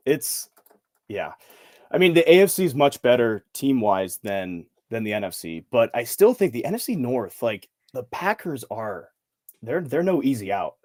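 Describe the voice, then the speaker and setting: Young dude cohosting sports talk, dead dry room, lots of yeah and halting bits. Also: male voice, mid-range voice, sing-song, a little mellow, no echo. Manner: quick agreeing, halting phrasing. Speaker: podcast co-host. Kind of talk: casual sports chat.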